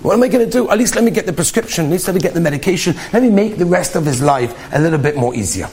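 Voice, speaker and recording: A man's voice: fairly high pitch, very animated, very fast, a little mellow. A man voicing a worried mother of a very sick child, telling her part in a pleading, tearful way. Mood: distraught.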